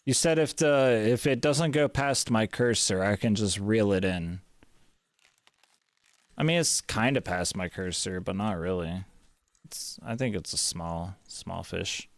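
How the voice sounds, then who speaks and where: A man streaming a game live, grumbling and swearing, his voice swinging between loud gripes and quiet mutters. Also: lowish voice, unhurried, dry recording. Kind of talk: live gameplay chat.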